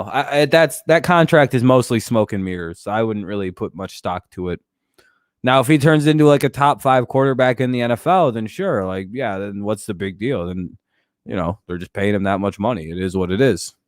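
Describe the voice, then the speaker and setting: A man's voice: on the low side, dry recording, clean studio sound. A man hosting a casual sports talk stream, rambling and joking with plenty of profanity. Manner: frequent fillers and restarts. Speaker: host.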